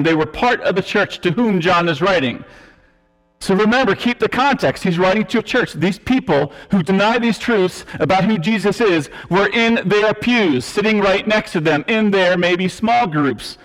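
A man's voice: high-pitched, lively intonation, moderate pace, a bit bright. A male preacher delivering a teaching sermon, emphatic and explanatory, with self-deprecating asides. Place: church sanctuary. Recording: long reverb of a church hall.

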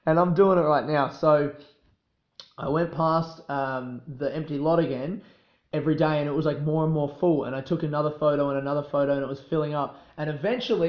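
A young Australian man talks through a solo podcast in a loose, profane, self-deprecating ramble, forever drifting off into tangents. His voice sits a little high for a man. The recording sounds roomy and slightly dull. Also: steady tone, brisk. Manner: rambling, profane, self-mocking, easily sidetracked. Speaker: podcast host. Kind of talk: casual solo podcast chat.

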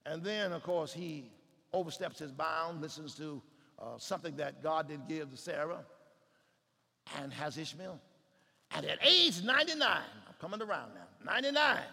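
A male preacher with a high, animated voice that leaps between soaring shouts and quiet, half-sung lines. His tone is bright and gravelly. The sound rings with the long reverb of a large hall. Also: normal speed. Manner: preaching with sudden shouted climaxes and hushed passages. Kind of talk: sermon.

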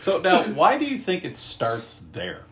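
A man's voice: fairly high pitch, huge pitch swings, measured pace, a little hiss or hum. A man co-hosting a podcast, chatting casually about a film and reading dry quips from his notes. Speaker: podcast co-host. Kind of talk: casual movie chat.

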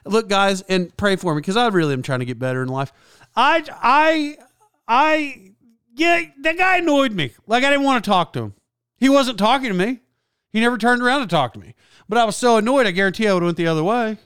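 A man's voice: high-pitched, expressive, quick pace, fairly bright tone, clear, resonant tone, no echo, clean studio sound. A man hosting a podcast, telling comic stories in an exasperated, rambling way that keeps interrupting itself. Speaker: podcast host. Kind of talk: comedic storytelling monologue.

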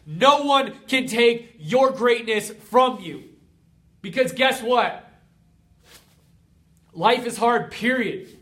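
Motivational host, young man, high bright voice, fervent and emotional, repeats his lines for emphasis. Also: animated, takes it slowly, long pauses. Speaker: motivational host of a fitness community. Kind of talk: motivational pep talk.

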